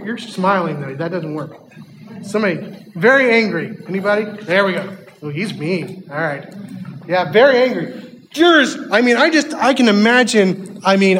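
An animated male preacher gives a sermon to children and keeps asking them questions. His voice is high for a man. He sounds echoey in a church hall with faint room noise. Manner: animated, asks the kids questions.

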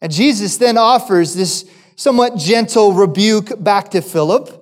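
A pastor giving a sermon, preaching emphatically and asking his listeners rhetorical questions, now loud, now quiet. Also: high voice.

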